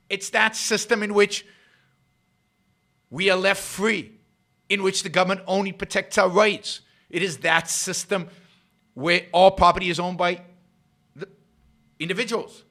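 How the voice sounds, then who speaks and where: A man's voice: high-pitched, sharp tone. A man hosting his own show, delivering an argumentative solo commentary to a live audience and hammering points home by repeating phrases. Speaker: show host. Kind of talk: solo political commentary livestream.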